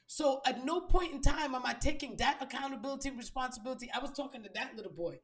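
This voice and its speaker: A woman with a high voice tells her story bluntly and emphatically, cursing freely. She sounds like a podcast host talking off the cuff. The recording has a noticeably echoey room around her. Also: quick pace, hardly any pauses, a bit bright. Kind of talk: candid storytelling monologue.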